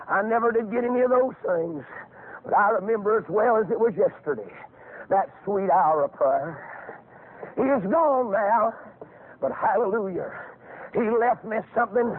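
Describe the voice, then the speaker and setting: An older man preaching a fiery revival sermon, folksy storytelling that climbs into shouted exhortation. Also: very high-pitched, lively intonation, normal speed, slightly rough. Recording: tinny phone-like lo-fi recording.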